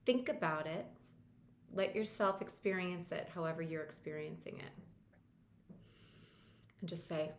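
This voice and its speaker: A woman with a lowish voice leads a guided tapping lesson, calm and reassuring as she walks the listener step by step. The sound carries a roomy echo. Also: a little slow, long pauses, slight background noise. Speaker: EFT practitioner and coach.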